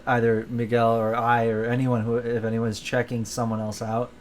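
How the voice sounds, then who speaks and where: A man co-hosting a podcast in casual chat, excitable, swearing often and laughing a lot. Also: mid-range voice, normal speed, a little hiss or hum. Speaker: podcast co-host.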